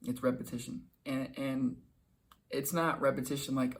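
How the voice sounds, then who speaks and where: In a creaky, medium-pitched voice with flat delivery, a young self-help host gives casual motivational advice to camera. He's conversational and repetitive, acting out quick snippets of quoted dialogue.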